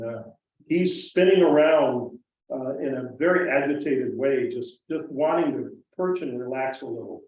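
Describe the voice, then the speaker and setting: A man telling stories about his carving to a live audience in a folksy, animated way. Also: medium pitch. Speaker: guest woodcarver speaker. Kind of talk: storytelling talk to a live audience. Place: museum presentation room. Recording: echoey hall, distant muffled mic.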